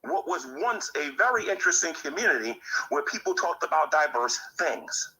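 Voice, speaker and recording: A man's voice: on the high side, very animated, moderate pace, bright, forceful tone, low-quality recording. A man giving a preachy, indignant rant as a YouTuber, often stumbling into repeated words. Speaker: YouTuber ranting about his community. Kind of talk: monologue rant to camera.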